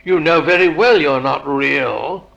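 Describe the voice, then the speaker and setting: A man's voice: a little high, a little slow, creaky, fairly bright tone, highs cut off. A man reading aloud the lines of a scornful, contemptuous twin brother, quoted from a story in his own lecturing voice.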